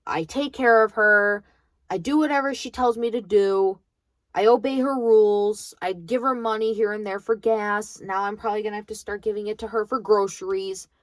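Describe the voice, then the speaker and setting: A woman's voice: mid-range voice, fairly even intonation, moderate pace, no room sound. A young woman in college venting bluntly about her grandmother, swearing freely in a bitter monologue. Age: young adult. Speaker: vlogger.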